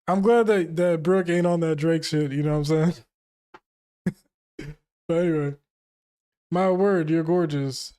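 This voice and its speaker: Young guy reading manga out loud and riffing on it, kinda high voice, laughs a lot. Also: fairly even intonation, a little slow, long pauses, smooth. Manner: reads dialogue aloud, breaks off to joke and laugh. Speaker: manga reaction host. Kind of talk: casual manga reading and reaction.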